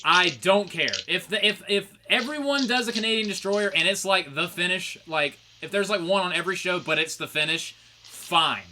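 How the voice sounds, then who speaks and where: A man's voice: high voice, normal speed, pushed and bright, a little hiss or hum. A man hosting a wrestling review podcast, talking playfully with stammered restarts. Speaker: wrestling show host. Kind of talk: casual podcast banter.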